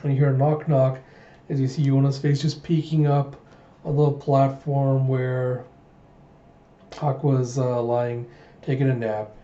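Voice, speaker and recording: A man's voice: medium pitch, flat delivery, a little slow, dark tone. A young man casually narrating a manga read-through, chatty and loose as he recaps. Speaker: manga reader, video host. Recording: dull roomy home recording.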